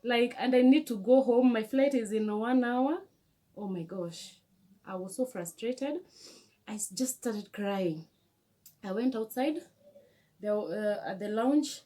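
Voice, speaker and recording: Kenyan woman, young, vlog storytime, mellow tone, slightly high voice, emotional retelling. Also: takes it slowly. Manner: animated, emotional retelling with many restarts. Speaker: vlogger.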